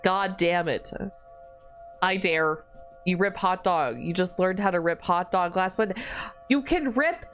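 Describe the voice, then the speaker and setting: A woman streamer chatting casually through a live game stream. Her pitch swoops up and down with plenty of life, and she swears freely while bantering back at her chat. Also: animated, normal speed, soft background music.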